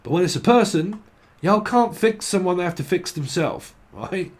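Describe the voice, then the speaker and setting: A man's voice: high voice, lively intonation, moderate pace. A man giving a casual tarot reading, rambling and swearing, laughing often and mimicking imagined people. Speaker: tarot reader.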